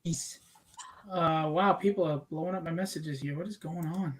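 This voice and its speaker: Speaking at a normal speed in a voice on the high side, a man makes easygoing, upbeat conversation on his live stream, joking about himself while he displays his viewers' art. A little hiss or hum sits in the background.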